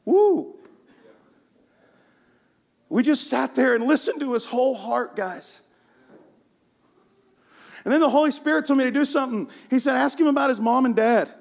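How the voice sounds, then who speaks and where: A man preaching a passionate sermon, rising to shouts and dropping to hushed storytelling. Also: extremely high pitch, moderate pace, creaky, pauses often.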